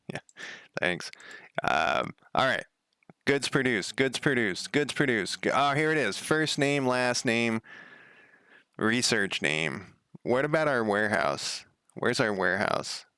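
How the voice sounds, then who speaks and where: A man's voice: mid-range voice, expressive, slow, pauses often, pushed and bright, smooth, dry recording, clean studio sound. A young man casually thinking aloud while coding on a stream, muttering to himself with wry asides and the odd swear. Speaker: game developer streaming.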